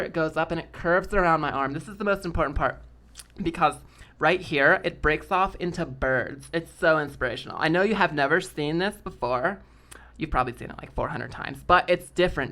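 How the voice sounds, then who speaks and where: A man's voice: on the high side, a little fast, hardly any pauses, sharp tone. A man voicing a vain, bubbly young sorority girl with a lilting valley girl drawl. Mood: gushing.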